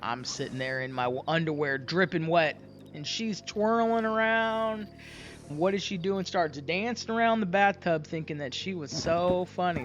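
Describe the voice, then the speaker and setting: A man's voice: sits high, moderate pace, fairly bright tone, faint music behind. A young man casually telling a roleplay story in a folksy, rambling way with many fillers and restarts.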